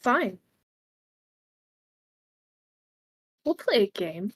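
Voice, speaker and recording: A woman's voice: mid-range voice, very animated, a little slow, breathy edge. A woman doing a restless, ranting young man. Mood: bitter. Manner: mutters and rants under his breath.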